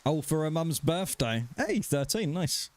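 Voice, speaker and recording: A man's voice: a little high, very animated, a little slow, no room sound. Chatty man streaming a survival game. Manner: chatty, greets and thanks viewers by name, swears freely. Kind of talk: casual live-stream chat while playing.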